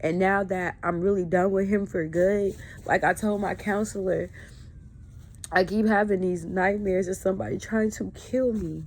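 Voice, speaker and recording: A woman's voice: mid-range voice, steady tone, moderate pace, a little hiss or hum. A woman talking straight to camera in a candid personal vlog, with raw, emotional, profane storytelling. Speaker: vlogger.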